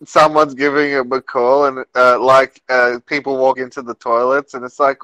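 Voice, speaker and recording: Crude joking man with a bright voice. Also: medium pitch, level tone, normal speed, few pauses, smooth, dry recording, highs cut off. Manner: crude, joking, laughs often. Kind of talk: casual chat.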